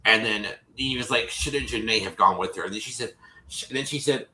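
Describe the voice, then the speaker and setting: A man's voice: lowish voice, brisk, sharp tone, echoey room, slight background noise, rough recording. A man co-hosting a casual livestream, retelling a TV episode in a rambling way and acting out the quotes. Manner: rambling, restarts often, acts out quotes. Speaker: co-host recapping a TV episode.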